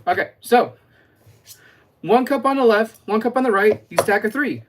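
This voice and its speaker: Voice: medium pitch, expressive, normal speed, slight background noise. A casual livestreamer teaching cup stacking step by step while chatting with viewers. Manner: chatty, addresses live chat, explains step by step. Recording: clear clatter of plastic cups.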